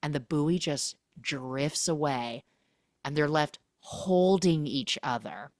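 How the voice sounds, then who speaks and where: A woman's voice: deep voice, takes it slowly, a little mellow, dry recording, studio quality. A woman hosting a podcast, animatedly recapping a film, acting out the characters' lines and humming the score.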